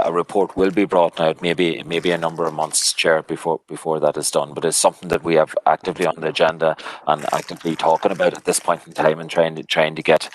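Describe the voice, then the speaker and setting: Casual: council officer guy, really deep monotone, keeps repeating himself. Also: rough recording. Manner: hesitant, repeating words.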